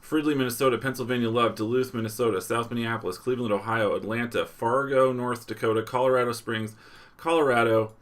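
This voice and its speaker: A man's voice: mid-range voice, fairly even intonation, fast. Casual man hosting a live stream. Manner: casual, reading viewer locations aloud; chuckles often, loose restarts. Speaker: livestream host.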